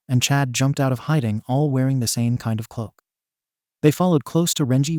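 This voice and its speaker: A man narrating a fan fiction story in a steady, even storytelling manner, recorded on a close mic. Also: mid-range voice, no room sound.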